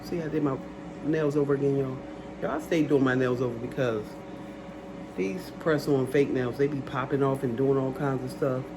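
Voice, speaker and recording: A man chatting casually to his viewers while cooking in his home kitchen, getting animated when he rants. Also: mid-range voice, normal speed, roomy sound, noisy background. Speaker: cooking vlogger. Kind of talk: casual cooking vlog chat.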